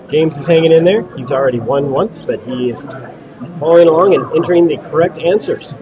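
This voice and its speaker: Relaxed man explaining over crowd noise. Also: on the high side, unhurried, pauses often. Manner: relaxed, explains technical details. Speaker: livestream co-host. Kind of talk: live event commentary. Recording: dull audio with crowd noise.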